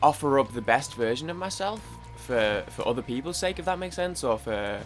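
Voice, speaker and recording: A man's voice: mid-range voice, expressive, moderate pace, faint music behind. A man chatting casually while playing a video game, rambling, restarting his sentences and swearing now and then. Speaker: gaming YouTuber. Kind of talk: casual let's-play chat.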